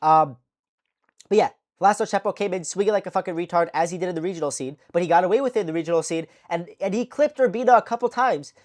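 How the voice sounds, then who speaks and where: A woman's voice: fairly low pitch, quick pace, darkish tone. A woman hosting a casual fight recap vlog, talking in a profane, rambling way and correcting herself as she goes. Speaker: MMA channel host.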